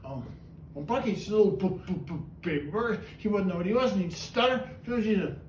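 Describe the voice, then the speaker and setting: A man hosting a trained parrot show, chatty and animated as he coaxes his bird through its tricks. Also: sits high, a little fast, slight background noise. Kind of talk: showman's patter with a pet bird. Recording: echoey room, voice from far off, faint ambience.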